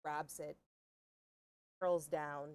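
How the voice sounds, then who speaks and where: A woman as game master, narrating scenes in a tabletop game with slow, measured delivery. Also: low-pitched, flat delivery, a little mellow, clean tone, no room sound.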